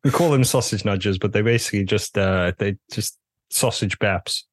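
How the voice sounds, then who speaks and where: A man's voice: lowish voice, moderate pace, no echo. A man co-hosting a podcast in casual chat, hesitant and often repeating words. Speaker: podcast co-host.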